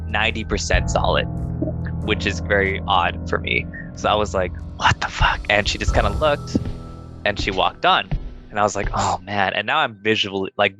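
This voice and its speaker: A young man casually telling a ghost story on a podcast, acting out quoted lines in a higher voice. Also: poor audio. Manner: animated, acts out quoted dialogue in a higher voice.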